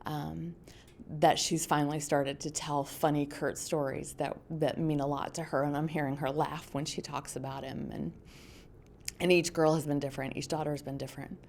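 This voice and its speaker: Brief: middle-aged woman, low gravelly voice, halting and reflective testimony, faint hiss behind. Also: level tone, darkish tone. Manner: halting, reflective, many ums and restarts. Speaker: mother sharing a testimonial. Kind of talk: personal testimonial.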